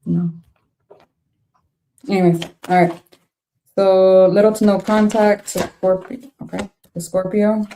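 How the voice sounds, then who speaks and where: Mellow-voiced woman reading tarot. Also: mid-range voice, flat delivery, slow, pauses often, slight background noise. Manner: thinks aloud, laughs often, frank reactions. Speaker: tarot reader.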